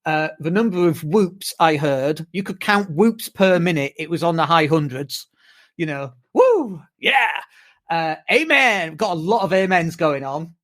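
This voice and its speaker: Higher-voiced British man telling stories. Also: normal speed, hardly any pauses. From United Kingdom. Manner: swearing, animated storytelling with mimicked whoops. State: exhausted from jet lag. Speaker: podcast co-host. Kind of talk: casual chat.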